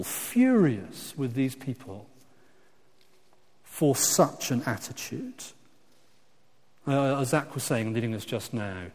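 A man preaching a sermon, animated and emphatic, with frequent restarts, swinging from loud exclamations to quiet asides. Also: mid-range voice. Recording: long hall reverb.

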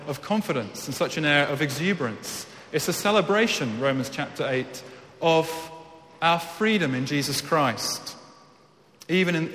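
A man's voice: a little high, a bit bright, a little hiss or hum. A man preaching an earnest, emphatic sermon. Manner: earnest, emphatic with repeated words. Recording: echoey hall.

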